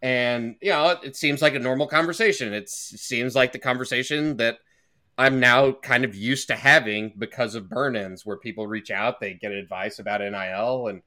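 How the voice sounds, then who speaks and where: A man's voice: mid-range voice, moderate pace, sharp tone. A man on a podcast telling a story in a heated, profane, casual way. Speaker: podcast co-host.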